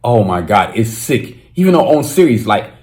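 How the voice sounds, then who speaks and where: A young man hosting his own podcast, talking casually and excitedly, with slang and frequent restarts. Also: on the low side, moderate pace. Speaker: podcast host. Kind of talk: casual solo podcast monologue.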